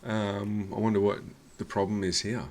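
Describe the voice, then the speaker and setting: A man's voice: lowish voice, level tone, moderate pace, a little mellow, slight background noise. A man reviewing comedy sets in a dry, sarcastic, mocking reaction commentary.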